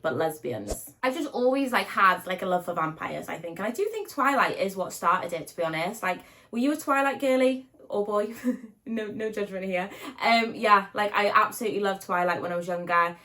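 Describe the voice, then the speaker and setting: A woman's voice: lowish voice, pushed and bright. Bubbly young British woman vlogging. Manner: bubbly and gushing, many likes and ums. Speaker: book vlogger. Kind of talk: casual chatty vlog. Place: at home.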